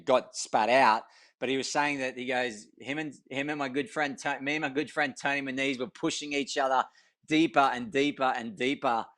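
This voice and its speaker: A man's voice: medium pitch, a bit bright. A man hosting a podcast, asking long, rambling questions in a casual interview. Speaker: podcast host.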